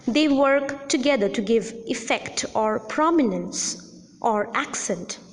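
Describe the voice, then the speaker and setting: Woman teacher, slightly high voice, slow measured lecture delivery, lingering reverb on the recording. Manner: slow, deliberate explanation with spoken examples.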